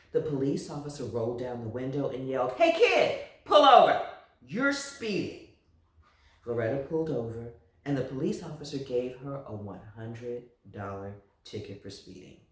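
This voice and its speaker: A storybook reader with a mid-range voice reads a picture book aloud in a playful, chatty, animated way, then signs off to listeners. The room is very echoey and the voice comes from a distant mic.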